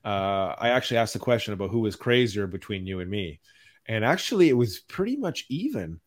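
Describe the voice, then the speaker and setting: A man hosting a podcast, delivering a calm, mild-mannered rant in casual chat. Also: lowish voice, fairly quick. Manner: even-toned, mild-mannered ranting. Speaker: podcast host.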